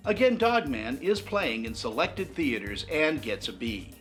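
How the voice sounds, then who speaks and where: A man's voice: mid-range voice, big pitch swings, measured pace, a bit bright, soft background music. A man who is a film critic, delivering a scripted movie review with an upbeat, punchy delivery.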